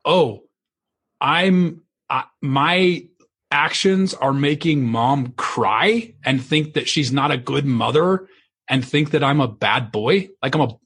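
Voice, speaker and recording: A man with a slightly husky voice talks on a podcast. His speech is halting and full of restarts. He sounds choked up, even at mid pitch. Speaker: podcast co-host. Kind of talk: casual podcast conversation.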